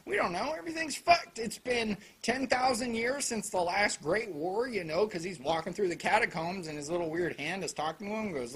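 A man's voice: high voice, moderate pace, few pauses, breathy edge. A man giving a casual, sarcastic anime review, full of swearing and jokes. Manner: sarcastic, profane, joking; animated.

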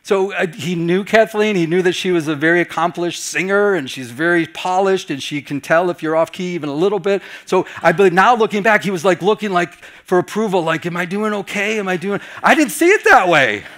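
Man, middle-aged, pastor, Bible study story, fairly high voice, animated, acts out his own reactions. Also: fairly quick, few pauses.

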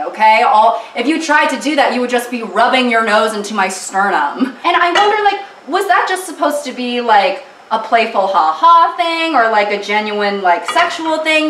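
A chatty young woman with a fairly high voice rambles and jokes while cooking at her home stove. She sits back from the camera mic, so her voice sounds roomy and distant, with a faint sizzle of frying behind her. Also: fairly bright tone, slight background noise. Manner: rambling, joking, lots of fillers. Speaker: vlogger. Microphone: camera mic, no separate microphone.

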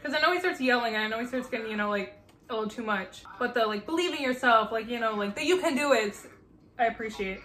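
A young woman hosting a casual reaction video, excitable and gushing, swearing freely and breaking into squeals. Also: a little high, fast talker. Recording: echoey room with faint noise.

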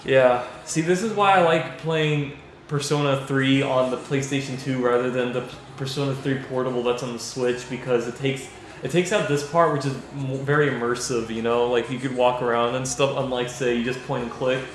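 A man chats casually while he plays a game, reading its dialogue aloud and laughing often. His voice sits at a middle pitch. It echoes heavily around the room, with faint music underneath. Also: fairly even intonation, normal speed. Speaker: let's play gamer. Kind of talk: casual gameplay commentary.

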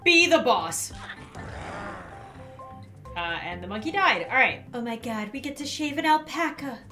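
A woman's voice: fairly high pitch, animated, a little slow, sharp tone, faint music behind. A young woman reacting dramatically to a mobile game, gasping and shrieking as she plays. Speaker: gaming YouTuber. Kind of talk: game commentary with ad read.

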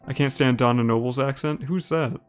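Streaming a game live, a Minnesota man with an Upper Midwest American accent chats casually with his viewers, reading chat aloud and answering messages. His middle-pitched voice is brisk and clean, and his easygoing delivery comes with light, frequent laughs. He talks to viewers by name while giving live gameplay commentary.

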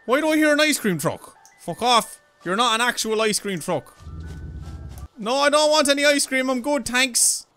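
A young Irish man playing a horror game, talking loudly and excitedly, swearing and yelping when startled. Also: very high-pitched, normal speed, soft background music, poor audio. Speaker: gaming YouTuber.

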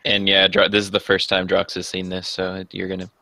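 A man with a very deep voice and little melody plays in a tabletop game. His tone is bright and forceful. Faint music plays behind him. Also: completely flat delivery, a little fast, creaky, dry recording. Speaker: player.

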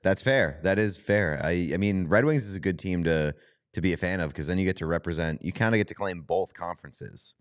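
Guy with a deep smooth voice, chill podcast banter. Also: brisk. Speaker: podcast co-host. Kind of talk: casual chat.

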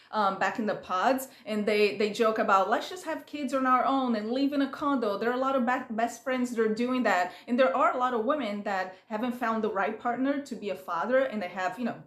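Woman, casual recap chat, gossipy, fairly high voice, echoey room. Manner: chatty, gossipy, animated quoting of others. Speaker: recap vlogger.

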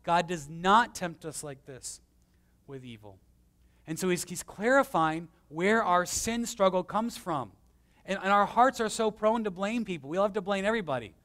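A man preaching a conversational sermon as pastor, swinging between emphatic and hushed, with self-deprecating stories. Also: sits high, lively intonation, normal speed. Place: church.

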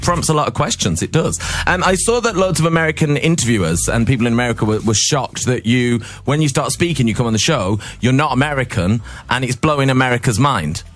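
A man's voice: mid-range voice, animated, quick pace, hardly any pauses, a bit bright, no echo. A man hosting a radio show in a studio, playfully teasing his guest in casual chat. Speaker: radio host.

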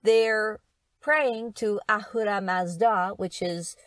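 A woman's voice: mid-range voice, steady tone, slow pace, no room sound. A woman hosting a casual podcast, explaining with frequent laughs. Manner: explaining, giggly. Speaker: podcast host. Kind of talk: casual chat.

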